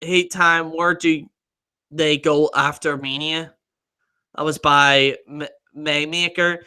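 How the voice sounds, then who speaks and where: An excitable man hosting a live stream, with a high voice and a very bright, forceful edge to it. He reads out comments, laughs a lot, swears freely, and often stumbles over names or trails off mid-thought. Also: slow, smooth. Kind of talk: casual live-stream chat, reading viewer comments.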